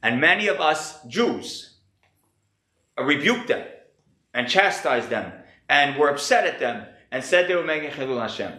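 Sick-voiced rabbi lecturing in an echoey room. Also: male voice, fairly high pitch, lively intonation, unhurried, bright, forceful tone. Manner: earnest, reflective, thinking aloud. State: sick, slightly hoarse. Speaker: rabbi teaching a class. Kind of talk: earnest lecture.

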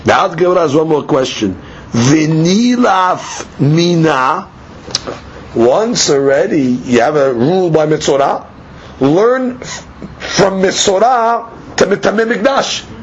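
A man's voice: a little high, lively intonation, slow, highs cut off, slight background noise. A man giving a daily Talmud lecture, explaining each step by asking and answering his own questions. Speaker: Talmud teacher.

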